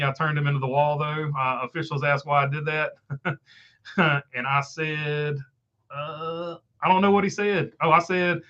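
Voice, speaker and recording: A man's voice: a little high, pushed and bright, muffled recording. A man with a Southern country accent hosting a casual live stream, reading viewer comments with lots of "uh" fillers. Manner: filler-heavy, rambling, frequent uh.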